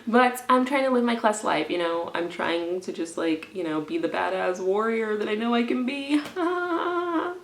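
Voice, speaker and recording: Young woman, stressed and low, rambling vlog rant, voice bouncing off the room walls, mid-height voice. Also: normal speed, gravelly, hardly any pauses. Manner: swings from mumbling to loud indignant outbursts; swaps playful made-up words into her speech. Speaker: vlogger. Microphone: camera in front of her. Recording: echoey room.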